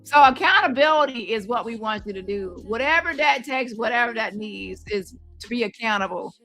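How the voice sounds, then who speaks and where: Blunt scolding woman with bright voice. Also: fairly high pitch, normal speed, soft background music. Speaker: commentary YouTuber. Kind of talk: casual commentary.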